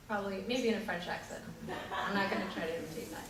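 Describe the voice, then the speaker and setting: Her mid-range, fairly bright voice moves at a quick pace as this preacher tells a story within a sermon, earnest yet dotted with fillers and restarts. The mic is distant, and the hall is echoey.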